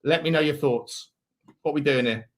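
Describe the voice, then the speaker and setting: A man's voice: a little high, moderate pace. A man hosting a live football watch-along, chatting in a rambling way and reading out viewer messages. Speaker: host.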